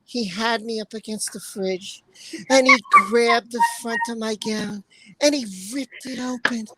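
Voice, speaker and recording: Woman streamer doing a mock-dramatic statement reading: hushed, slow, lowered, still a high voice. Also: very noisy, close to an everyday voice.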